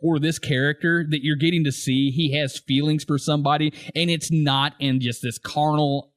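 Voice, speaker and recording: A man's voice: on the high side, steady tone, moderate pace, no room sound. A man co-hosting a casual podcast, laughing often as he retells favorite scenes and acts out quoted lines. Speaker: podcast co-host. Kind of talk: casual podcast chat about a TV show.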